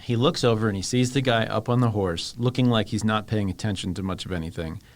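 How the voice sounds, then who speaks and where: A man from Virginia co-hosting a casual book discussion, wry and joking, getting animated when something bugs him. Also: on the low side, fast talker. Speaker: podcast co-host.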